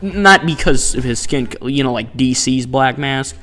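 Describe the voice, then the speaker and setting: A man's voice: mid-range voice, lively intonation, moderate pace, pushed and bright, faint music behind. A man streaming live gameplay, chatting and reacting with incredulous, laughing asides.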